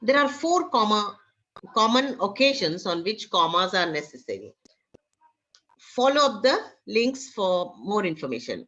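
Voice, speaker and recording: A woman teaching an online class with an Indian English accent, talking haltingly with many fillers. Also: medium pitch, sing-song, bright, forceful tone. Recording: dull lo-fi online class audio.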